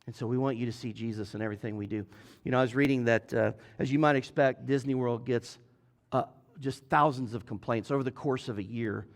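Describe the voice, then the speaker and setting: A man's voice: mid-range voice, steady tone, fairly quick. Man, pastor, sermon, earnest, direct appeals, church sanctuary. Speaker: lead pastor.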